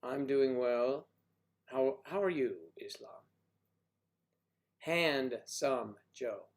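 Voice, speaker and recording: Male stream host, mid-pitched, loose and jokey, reads out viewer names and riffs on them. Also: slow pace, mellow. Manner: playful, jokey, riffing on viewers' names and places. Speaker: livestream host. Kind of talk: casual chat reading viewer comments.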